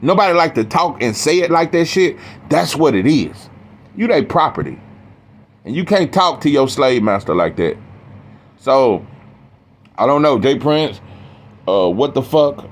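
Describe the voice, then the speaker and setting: A man's voice: medium pitch, sing-song, measured pace, long pauses. A middle-aged man gives a blunt, preachy, profane monologue about boxing, saying "bro" over and over. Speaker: boxing commentator. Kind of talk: casual monologue.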